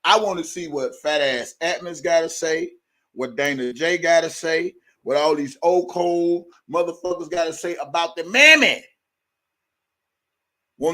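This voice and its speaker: A man hosting a livestream rants heatedly to his viewers in a slightly high, bright, pushed voice. His live commentary is fired-up and full of profanity.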